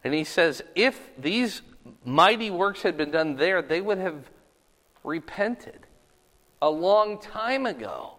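Man, Bible teacher, high voice, conversational sermon, earnest emphasis, echoing large hall. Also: expressive, slow, a bit bright.

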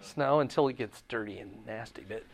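A man's voice: on the low side, a little fast. A man teaching a Bible class, asking the group questions and closing in prayer. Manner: asks the class questions, animated emphasis then quiet prayer.

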